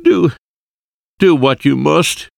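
A man doing an anguished young husband in an audiobook, loud, high and pleading. The voice rises with desperation over a close, dry recording with no room sound. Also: slow, gravelly, dry recording, full character voice. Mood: sobbing. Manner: shouting, pleading. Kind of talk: audiobook character voice.

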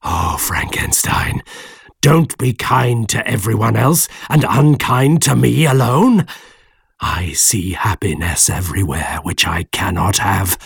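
A huge, lonely monster, as a male narrator puts him on speaks slowly and pleadingly, each phrase drawn out with a hint of threat. The voice is low, gravelly and husky, and it swings widely in pitch. It is a storybook character read aloud in a dry, close recording. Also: lively intonation, dry recording, heavily acted. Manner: slow, drawn-out pleading delivery. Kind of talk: audiobook character voice.

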